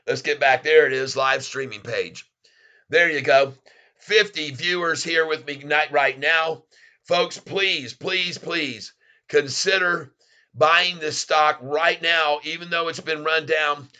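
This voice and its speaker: An excitable man with a Southern drawl hosts a casual live stream, gushing thanks at his viewers. His voice is very bright and forceful, pitched a bit high for a man. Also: slow, smooth. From Florida, US. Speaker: livestream host.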